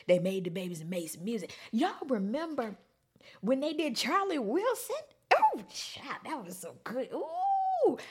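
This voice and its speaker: A woman talks in a casual, sassy commentary voice. Her voice sits fairly high and swoops wildly, jumping into squealing high quotes. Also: husky.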